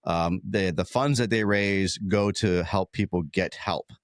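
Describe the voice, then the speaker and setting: A low-pitched man hosts a casual podcast conversation. He speaks earnestly and warmly, and the recording is close and dry. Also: fairly even intonation, unhurried, no echo. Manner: earnest, warm sign-off shout-outs. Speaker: podcast host. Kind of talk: casual interview chat.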